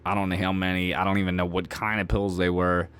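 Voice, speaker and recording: A man with a low, deep voice talks through his own past as a podcast host. He speaks frankly and casually, swearing freely and slipping in dark humor. He is close on the mic. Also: level tone, fast, smooth. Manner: candid, profane, conversational, with dark humor. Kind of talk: personal storytelling monologue.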